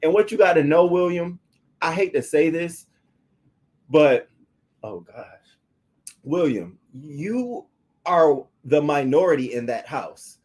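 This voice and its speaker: Profane, animated male show reviewer. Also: takes it slowly, pauses often. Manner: animated, profane, talks back to viewers' comments; acts out quoted lines in a higher, louder voice. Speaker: reality TV reviewer. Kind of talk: casual commentary.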